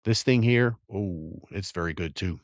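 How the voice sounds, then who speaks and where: A middle-aged man from the Virginia area hosting a casual livestream, talking in a relaxed, rambling way as he tastes and reacts. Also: deep voice, measured pace, no room sound, lo-fi sound. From Virginia area, USA. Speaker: bourbon livestream host. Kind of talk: casual live-stream chat.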